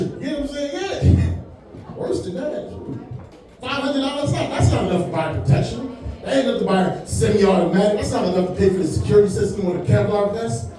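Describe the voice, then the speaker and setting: A man in his forties doing stand-up, his voice high but mellow. He talks in a laid-back, chatty way and keeps dropping "man" and "you know what I'm saying". The sound is echoey and comes from far off in a club. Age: 40s. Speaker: stand-up comedian. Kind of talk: stand-up comedy set. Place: comedy club stage.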